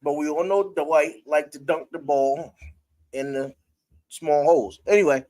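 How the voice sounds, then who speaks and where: A man's voice: a little high, steady tone, measured pace, a little mellow. A man hosting a casual live-stream sports talk show, talking loosely with his viewers and breaking into laughter.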